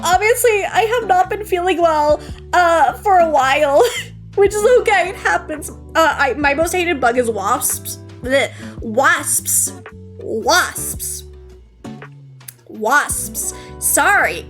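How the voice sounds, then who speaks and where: A young woman streaming, chatting casually and reading chat, giggly and bubbly, jumping between squeals and low mumbles. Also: expressive, unhurried, soft background music. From United States. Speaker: VTuber streamer.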